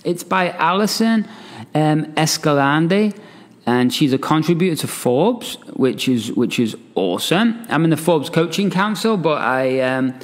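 A man's voice: fairly high pitch, a little slow, in a large hall. A man hosting a solo podcast, talking casually and reading an article aloud with chatty asides and frequent "right?". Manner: animated, chatty, laughs often, asides with "right?". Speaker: podcast host and coach.

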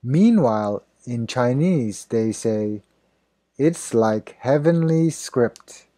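Slow, deliberate man with a dark voice. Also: medium pitch, animated, no echo. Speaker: idiom teacher. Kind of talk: scripted narration.

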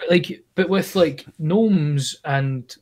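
A man's voice: on the high side, very slow, a little mellow. Rambling Scottish man, casual chat. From Scotland. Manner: rambling, lots of fillers and restarts. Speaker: podcast co-host.

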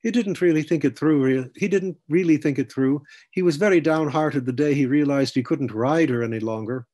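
A man's voice: a little high, brisk, darkish tone, pitched above the performer's own voice, natural voice. Picture a man giving voice to a lean Irish centaur cadet who speaks plainly and a little raised. Matter-of-fact, a slight husk under the storybook voice. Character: lightly built black-haired Irish male centaur trainee.

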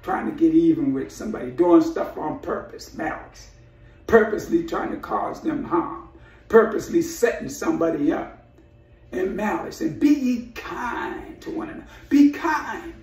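A man's voice: on the high side, lively intonation, normal speed, darkish tone, echoey room, far from the mic, low-quality recording. A man preaching a sermon, urging his listeners with repeated phrases and quoted scripture.

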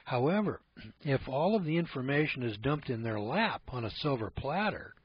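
A man talks through an informal lecture in a folksy, wandering way, throwing out rhetorical questions as he goes. His voice is husky, at a middling pitch, and comes through a dull, lo-fi recording. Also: expressive, normal speed, no echo. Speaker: speaker on privacy.

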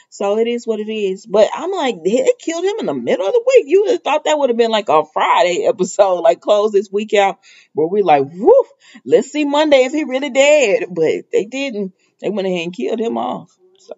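A woman's voice: medium pitch, warm tone. A woman chatting casually through a soap opera recap vlog, rambling and filling her talk with "you know" and "y'all". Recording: dull lo-fi recording.

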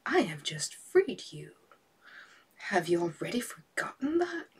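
A woman's voice: medium pitch, sing-song, a little slow, slightly rough, distant mic, heavily acted. A woman voicing a poor, frightened male fisherman in a storybook reading, pleading in a raised voice.

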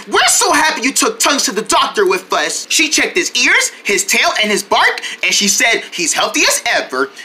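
A woman hosting a playful children's show, talking excitedly to her young viewers in a sing-song way. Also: a little high.

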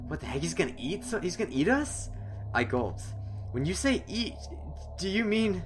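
A man playing a visual novel, reading it aloud and reacting with excitable outbursts. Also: high voice, normal speed, background noise. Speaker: gamer.

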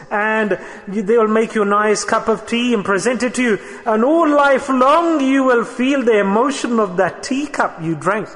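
An older man delivers a sermon in a high-pitched voice, circling back to his words and asking his listeners questions. His voice carries a long reverb, as if in a large hall. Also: a bit bright. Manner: preaching with repetition and rhetorical questions. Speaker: sheikh.

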